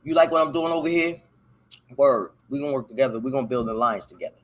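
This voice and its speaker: Fast-talking and mid-range in voice, a man reads a text aloud on his casual solo podcast. Every so often he interrupts it with crude, slangy commentary, and the tougher words trip him up.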